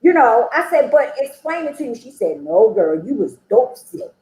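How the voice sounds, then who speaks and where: A woman's voice: fairly high pitch, big pitch swings, moderate pace, warm tone, echoey room, rough recording. A woman sharing her personal recovery story at a meeting, chatty and conversational, acting out the dialogue she quotes and often checking in with "okay?" and "you know?".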